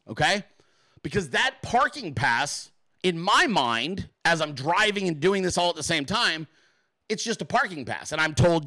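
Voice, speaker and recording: Male host, high lively voice, bright, profane storytelling, dry sound. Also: dry recording, poor audio. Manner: animated, crude, keeps asking "okay?". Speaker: podcast host.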